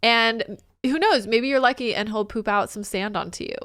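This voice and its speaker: A woman's voice: a little high, moderate pace, a bit bright. A woman co-hosting a casual podcast, rambling with many fillers and breaking into playful squeals. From Filipino family. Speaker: podcast co-host. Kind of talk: casual chat.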